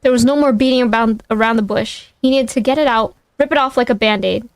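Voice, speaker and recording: A woman streamer reads a story aloud in a casual manner, fixing her slips as she goes. Her voice sits a little high for a woman. It is recorded dry and close on a streaming mic. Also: clean tone, no echo. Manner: reads aloud with quick self-corrections. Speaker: streamer reading fan fiction.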